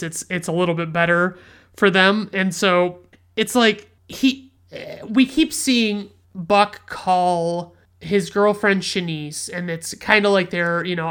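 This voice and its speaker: Rambling, profane woman with a smooth voice. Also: lowish voice, a bit bright. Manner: rambling, profane, many restarts and fillers. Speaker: podcast host reviewing films. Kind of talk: casual spoken film review.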